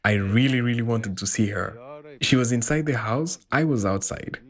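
A man voicing a translated interview, telling his story in an animated way. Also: medium pitch, moderate pace. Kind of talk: voiced-over translation.

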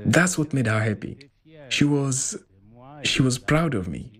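A man voicing a translated interview, telling his story in an animated way. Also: medium pitch, a little slow. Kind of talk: voiced-over translation.

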